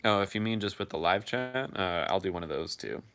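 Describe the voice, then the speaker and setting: A man's voice: low-pitched, lively intonation, a little fast, a bit bright, clean tone. A man hosting a casual live chat, reading viewer comments aloud and answering them in a loose, freely swearing way.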